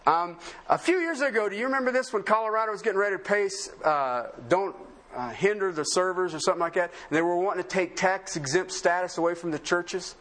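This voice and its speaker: A man's voice: high-pitched, brisk, fairly bright tone. A man preaching a sermon in a conversational, sarcastic way, full of rhetorical questions. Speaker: pastor.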